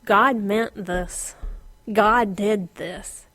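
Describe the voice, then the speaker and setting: A middle-aged woman gives an informal Bible lesson with a lively, expressive delivery. She laughs often and sinks into a whisper to stress a point. Her voice sounds dry and close, with a mid-range pitch. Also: drawn-out words, no echo. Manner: animated, laughs often, drops to a whisper for emphasis. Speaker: Bible teacher.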